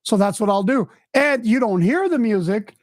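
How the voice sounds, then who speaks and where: A man's voice: high-pitched, lively intonation, normal speed, dry recording. A man hosting a casual, unscripted live stream from his home studio, rambling and poking fun at himself. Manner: rambling, self-deprecating, chatty. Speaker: host of a music podcast and live stream. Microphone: headphones on, desk mic.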